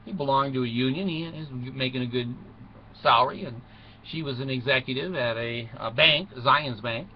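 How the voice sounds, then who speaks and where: A man with a medium-pitched voice spins a mock bedtime story for kids at a moderate pace, folksy and meandering, with chuckles and asides. The recording is muffled, with faint background noise.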